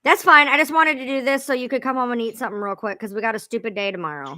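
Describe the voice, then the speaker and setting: Woman, high bright voice, casual live-stream chatter, dry close sound, swears a lot. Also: racing, dry recording. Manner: chatty, swears freely, laughs at herself. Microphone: own streaming mic sounding odd.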